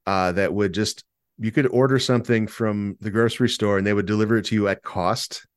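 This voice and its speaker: Low smooth-voiced man, relaxed storyteller. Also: brisk, dry recording, clean studio sound. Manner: relaxed storyteller, chuckles mid-sentence. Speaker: podcast co-host. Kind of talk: casual chat.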